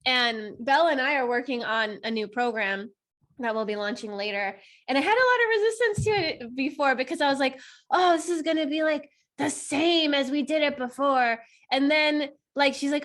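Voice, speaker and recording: A woman with a high, bright voice talking casually on a podcast. She is animated, laughs a lot and swears in passing. She acts out quoted lines with shifting tone. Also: a little fast. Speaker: co-host.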